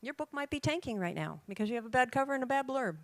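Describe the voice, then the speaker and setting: An older woman giving an emphatic, lively talk to a room of writers, with dramatic pauses. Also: sits high, no echo. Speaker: conference speaker. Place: conference room.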